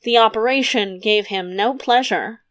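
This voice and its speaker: A woman reads a fairy-tale chapter aloud at an unhurried pace. Her voice sits a little high and stays gentle and even through the narration. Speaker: audiobook narrator. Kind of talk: storybook narration.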